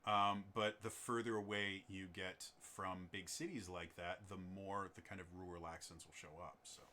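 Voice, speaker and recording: A man's voice: sits low, flat delivery, normal speed, sharp tone, a little hiss or hum. A man running his own tabletop campaign on a stream, chatting in a rambling way with many ums and restarts. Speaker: game master and streamer. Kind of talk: casual chat on a stream.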